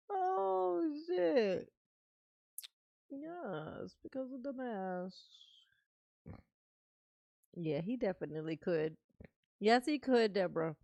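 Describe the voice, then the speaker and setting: A woman hosts a casual livestream and talks to her viewers at an unhurried, drawn-out pace. Her voice has a gravelly rasp, and she swears freely. The sound is close and dry, with no room echo. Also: on the high side, animated, mellow. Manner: laid-back, swears freely, breaks into laughter. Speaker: livestream host reading viewer comments.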